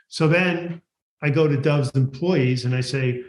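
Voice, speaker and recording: Animated man in an echoey room. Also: a little high, a little slow, a little hiss or hum. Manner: animated, acts out dialogue. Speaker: guest author. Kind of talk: interview answer.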